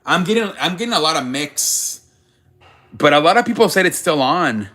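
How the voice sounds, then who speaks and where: A man's voice: on the high side, animated, moderate pace, pushed and bright. A man hosting a live sports stream, chatting casually with viewers in a rambling, profane way.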